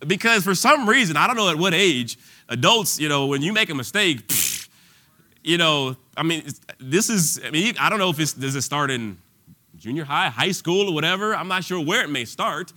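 A man's voice: fairly high pitch, expressive, normal speed, pushed and bright. A man preaching an informal sermon in a conversational way, full of restarts and fillers, at times rising to bold declarations.

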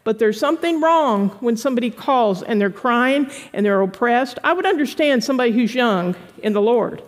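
A woman's voice: a little high, expressive, moderate pace. Lady pastor preaching to the church, playful asides, echoey hall sound. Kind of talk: sermon. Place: church sanctuary with congregation.

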